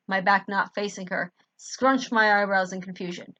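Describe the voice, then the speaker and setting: A woman's voice: mid-range voice, fairly even intonation, normal speed, hardly any pauses, a bit bright, no echo, dull audio. A woman reading a fan story aloud in first person, now and then stopping to correct her own misreadings. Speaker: fan fiction reader.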